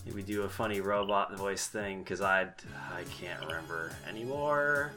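A man's voice: sits low, measured pace, bright, forceful tone, soft background music. A man hosting a podcast in casual chat, rambling and self-deprecating with restarts. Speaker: podcast host.

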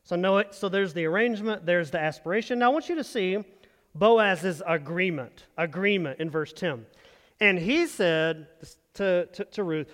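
A man's voice: high-pitched, moderate pace, a bit bright, long reverb tail. A man preaching a sermon in a conversational way, asking the congregation rhetorical questions as he explains a passage. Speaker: pastor.

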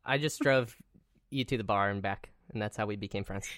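A man's voice: fairly low pitch, a little fast, a bit bright, no room sound, clean studio sound. A young adult man co-hosting a podcast, chatting casually and rambling with lots of fillers and restarts. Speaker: podcast co-host. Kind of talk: casual chat.

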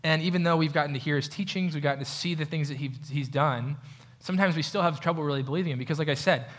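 Guy preaching, kinda high voice, chatty, keeps asking the crowd stuff. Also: fast, a bit bright. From United States. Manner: conversational, asks the audience questions. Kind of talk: sermon. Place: church hall with a projector.

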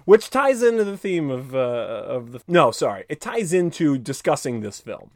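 A man's voice: on the high side, sing-song, normal speed, a little mellow, no echo, studio quality. A man co-hosting a podcast in casual chat, sarcastic and profane, ranting and joking. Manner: sarcastic, profane, rants with jokey put-on voices. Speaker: podcast co-host.

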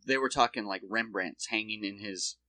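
A male podcast co-host with a lowish, sharp-toned voice rambles through crude stories in casual chat, swearing and acting out quotes in shifting voices. He talks at normal speed on a dry close mic with no room sound.

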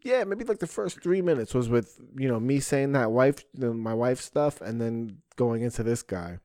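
A young man, a comedian and podcast host, telling a profane, animated story in casual chat. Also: mid-range voice, moderate pace, dry recording, clean studio sound. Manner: profane, animated storytelling with frequent "bro" and "right?".

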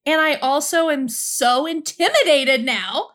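A woman author as a podcast guest, relaxed and friendly, laughing often as she chats about her books. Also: high-pitched, a little slow. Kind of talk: casual interview chat.

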